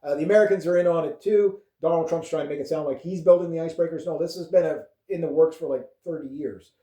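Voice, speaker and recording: Canadian male vlogger, mellow voice sitting a touch high, rambles and swears, roomy echo. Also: quick pace. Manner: rambling, profane, with frequent fillers and chuckles. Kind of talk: casual political rant. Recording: echoey room.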